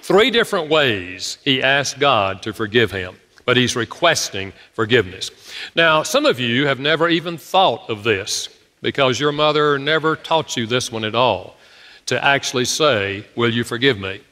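A man's voice: mid-range voice, lively intonation, normal speed, bright, forceful tone. A man, an author and speaker on relationships, telling stories in a talk and acting out the people he quotes. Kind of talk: storytelling talk. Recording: echoey hall.

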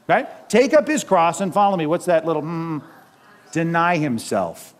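A middle-aged man preaching a sermon as pastor, animated, asking the congregation questions and acting out quotes. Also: fairly high pitch, a little slow.

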